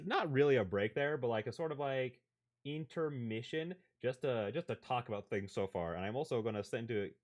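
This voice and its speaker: A young man talks to his stream from his home desk, close on a desk microphone. He rambles loosely and stacks filler words as he goes. His pitch sits in an ordinary middle range. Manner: rambling, filler-heavy, self-correcting. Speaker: livestreamer. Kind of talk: casual live-stream chat.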